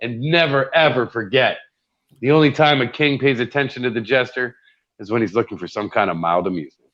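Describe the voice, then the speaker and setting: A man's voice: mid-range voice, a little fast, fairly bright tone, highs cut off. A man hosting a podcast in casual chat, loose and laughing, swearing freely. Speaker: podcast host.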